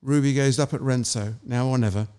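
A man, an author, reading his short story and then telling measured anecdotes in an interview. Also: medium pitch, steady tone, mellow, clean tone. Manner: measured and anecdotal, with small restarts.

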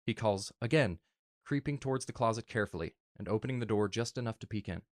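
A man earnestly reading a fan story aloud in a soft, emotional way. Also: on the low side, fast talker, no room sound, clean studio sound. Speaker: narrator.

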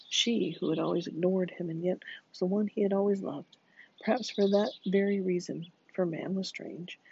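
Gravelly, very husky novel narrator. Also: medium pitch, a little mellow, muffled recording. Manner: dramatic, slipping into whispers. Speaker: audiobook narrator. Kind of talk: reading a novel aloud.

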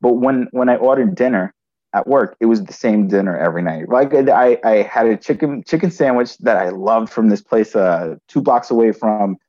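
A man's voice: on the low side, a little mellow, lo-fi sound. A man telling a personal story in conversation, restarting often and adding "right?" as he goes. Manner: halting, frequent restarts and "right?" tags.

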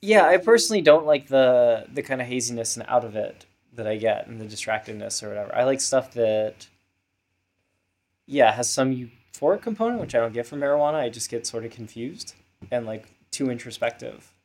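Man co-host, casual and explanatory, mid pitch. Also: animated, brisk, darkish tone. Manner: thoughtful, explanatory, with many fillers. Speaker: podcast co-host. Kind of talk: casual chat.

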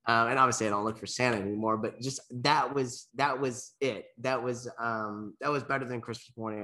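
A man's voice: medium pitch, steady tone, brisk, hardly any pauses, bright, forceful tone. A young man co-hosting a casual sports podcast, rambling and sometimes choking up with emotion. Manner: rambling, gets emotional and chokes up. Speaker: podcast co-host. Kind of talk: casual chat.

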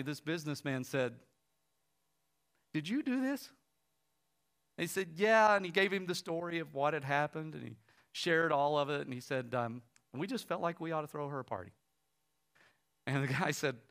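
A man preaching, retelling an anecdote with quoted dialogue and ending with a quiet, soft appeal. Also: on the high side. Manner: retells a story with lively quoted voices, quiet and soft at the close. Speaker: pastor. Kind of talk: sermon storytelling.

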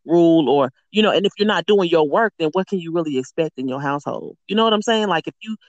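A woman's voice: fairly low pitch, animated, fast, no room sound, muffled recording. A woman talking frankly as a guest on a podcast, emphatic and acting out quoted speech, swearing casually. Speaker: guest, sex educator. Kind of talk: candid podcast conversation.

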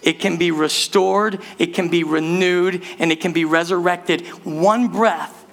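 A man preaching a sermon to his church, animated and calling out to the congregation, rushing some phrases and drawing others out. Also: high-pitched, creaky. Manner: animated preaching, speeds up and slows down, calls out to the church. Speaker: pastor.

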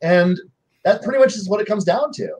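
Husky animated man telling table stories. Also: sits high, rough recording. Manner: animated, acts out players' lines in quick voices. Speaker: game master on a panel show. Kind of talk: casual storytelling chat.

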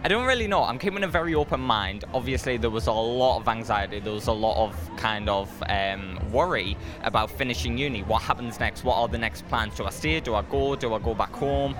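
A man's voice: mid-range voice, brisk, hardly any pauses. A young man, a graduating film student, speaking earnestly with some hesitation in an interview. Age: young adult. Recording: loud music behind the voice. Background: loud music.

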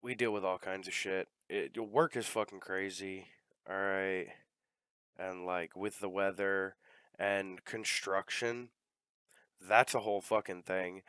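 A man's voice: sits low, flat delivery, measured pace, fairly bright tone, clear, resonant tone, dry recording. Rambling, profane man, dry sound. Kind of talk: casual chat.

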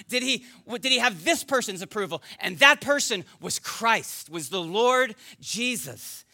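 A man's voice: extremely high pitch, lively intonation, normal speed, few pauses, bright, forceful tone. A man preaching a sermon as pastor, earnest and rising to emphatic peaks, at times addressing the children directly.

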